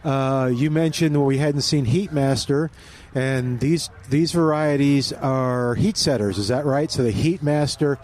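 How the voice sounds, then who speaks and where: A man hosting a radio call-in garden show, brisk and friendly as he moves calls along. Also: medium pitch, darkish tone, slight background noise. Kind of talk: casual call-in radio chat.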